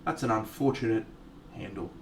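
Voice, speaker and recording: A man's voice: lowish voice, moderate pace, vocal fry. An Australian man streaming live, chatting casually with viewers, swearing freely and laughing often. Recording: distant mic, faint background noise.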